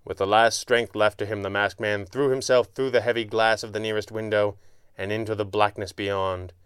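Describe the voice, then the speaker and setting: A man narrating a pulp adventure audiobook in a measured, dramatic way. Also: fairly low pitch, level tone, clean tone, dry recording, studio quality.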